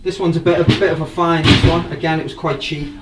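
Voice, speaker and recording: A drum collector talks at a quick pace, his somewhat high voice keeping fairly even intonation as he eagerly rambles about his gear. The casual show-and-tell is recorded from a distance over faint background noise.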